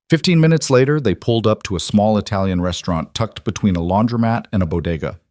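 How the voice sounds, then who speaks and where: Low-voiced man narrating a romance story. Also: expressive, fast talker, hardly any pauses, darkish tone, dry recording, clean studio sound. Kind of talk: scripted audiobook narration.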